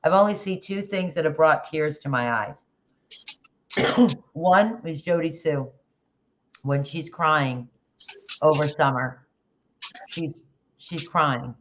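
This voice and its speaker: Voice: mid-range voice, takes it slowly, pauses often, a bit bright, highs cut off, slight background noise. A livestream host chatting casually about a case, rambling with restarts and greeting viewers in the chat by name.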